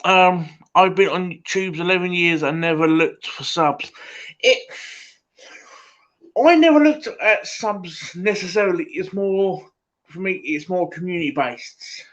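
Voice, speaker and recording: A man with an Essex accent chatting casually on a live stream, rambling and halting, full of fillers and calling everyone mate. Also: high voice, a bit bright, muffled recording. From England. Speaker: livestream host.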